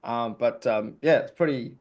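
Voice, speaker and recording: A man with an Australian accent, a comedian guest chatting casually on a podcast as an animated storyteller full of fillers. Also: medium pitch, normal speed.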